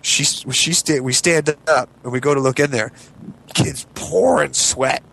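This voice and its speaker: A man in his thirties telling stories in a casual podcast chat, lively when he quotes people. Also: mid-range voice, moderate pace, slight background noise, low-quality recording. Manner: animated, does loud voices when quoting people. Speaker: podcast co-host, father.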